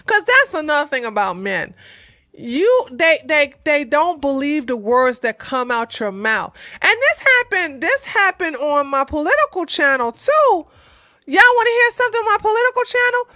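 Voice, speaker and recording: A woman with a high, bright voice talks her viewers through relationship advice in a blunt, emphatic way. Her speech is plain and slangy, and she hammers her points home by repeating them. The recording is dry and close, with no room sound. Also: sing-song, moderate pace, dry recording. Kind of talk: casual advice talk to viewers.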